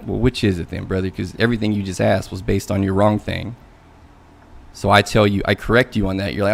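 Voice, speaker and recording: The voice is low-ish, steady in tone, and slightly quick, with vocal fry. This coding learnalong streamer vents in a casual rant about a bad job interview, swearing, staying conversational, and mocking people by quoting them in silly voices.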